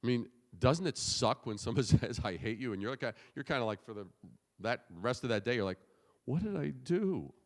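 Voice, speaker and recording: A man's voice: medium pitch, a little fast. A man giving a conference keynote, punchy and emphatic, with casual swearing. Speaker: keynote speaker. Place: conference hall. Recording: long hall reverb.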